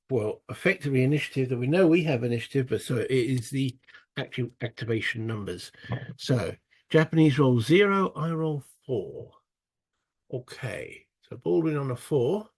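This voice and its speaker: A man's voice: mid-range voice, creaky, a little mellow, slightly rough. A British man narrating a solo tabletop wargame playthrough, chatting and thinking aloud as he goes, with self-mocking asides. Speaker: solo board game player.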